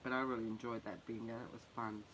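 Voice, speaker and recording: A man's voice: medium pitch, level tone, fast, a bit bright, a little hiss or hum, poor audio. A man in casual chat who teases his co-host, laughs often and cuts in. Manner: teasing, laughs often, interjects.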